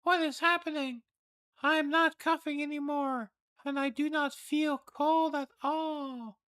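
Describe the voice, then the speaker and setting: A woman's voice: high voice, fairly even intonation, measured pace, fairly bright tone, dry recording, pitched above the performer's own voice. A man voicing a frail, timid young girl who speaks in a trembling voice.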